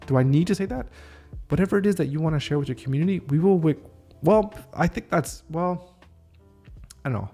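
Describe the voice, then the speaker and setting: Gravelly man rehearsing a script. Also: on the high side, fairly quick, warm tone, soft background music. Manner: reads lines aloud, stops to rethink and reword. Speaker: podcast host. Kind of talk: casual solo script rehearsal.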